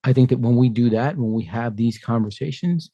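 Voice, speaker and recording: Man in his 50s, mellow dark voice, dry close sound, animated storyteller. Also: medium pitch, brisk, breathy edge, no echo, muffled recording. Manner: animated storyteller who acts out quoted voices. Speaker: podcast guest. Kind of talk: conversational interview.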